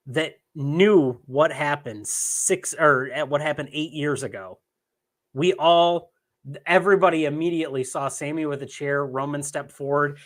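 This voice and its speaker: A young adult man co-hosting a casual wrestling podcast, talking in an animated, emphatic way with plenty of swearing. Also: a little high. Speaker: podcast co-host.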